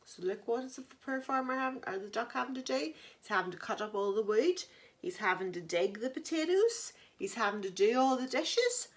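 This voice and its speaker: A woman reading a picture book aloud to children, animated and asking them questions as she goes. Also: fairly high pitch, brisk. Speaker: children's storyteller.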